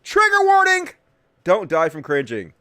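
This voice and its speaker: A man's voice: high voice, wildly swooping pitch, unhurried, over loud music. A man hosting a political talk show, ranting with sarcasm and lots of swearing. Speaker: host.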